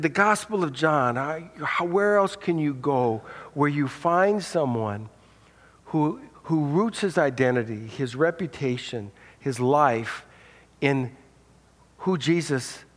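Male pastor, sermon delivery, earnest, repeats openers, long church-hall reverb. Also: fairly high pitch. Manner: earnest, repeats words when starting phrases.

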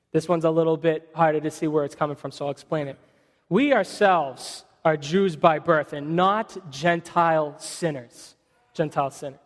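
A male pastor preaching in a relaxed, conversational way, his voice sitting a little high. He reads scripture with dramatic stretches, and his voice carries a long reverb through the church hall. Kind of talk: sermon.

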